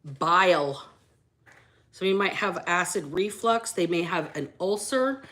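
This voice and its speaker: A woman's voice: fairly low pitch, slow pace, a bit bright. Brash, chatty woman tarot reader. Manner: brash and chatty, swears freely, greets viewers. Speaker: tarot reader and channel host. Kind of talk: casual livestream tarot reading.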